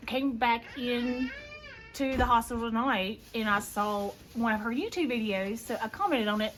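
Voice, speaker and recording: A woman's voice: fairly high pitch, moderate pace, fairly bright tone, a little hiss or hum, rough recording. A woman hiker telling a casual anecdote in a chatty, amused way.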